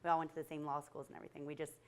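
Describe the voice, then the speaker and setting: A woman's voice: low voice, level tone, racing. A woman public defender in a courtroom, answering a student's question in a plain-spoken way.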